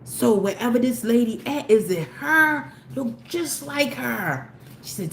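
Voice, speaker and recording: Her pitch sits fairly high and swings widely as she talks slowly through a rambling tale, often starting over. She's a YouTube live host chatting with her stream audience. The room sounds open, and a faint noise hums underneath.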